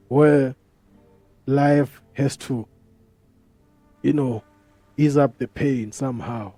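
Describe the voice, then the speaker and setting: Guy rambling on his podcast, swears a lot, really dark mellow voice, dry studio sound, bit of music. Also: fairly high pitch, no room sound. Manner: rambling, profane, street slang. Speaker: podcast host. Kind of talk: casual podcast monologue.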